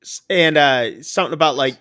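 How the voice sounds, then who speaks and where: A man's voice: a little high, brisk, bright, forceful tone, clear, resonant tone, no echo, clean studio sound. A man co-hosting a podcast, casually retelling a film's plot with lots of fillers. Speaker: podcast co-host. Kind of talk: casual film review chat.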